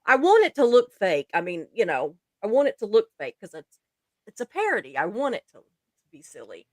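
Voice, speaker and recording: A woman's voice: mid-range voice, huge pitch swings, a little fast, dry recording. Female co-host, chatty and giggly, close dry mic. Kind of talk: casual chat.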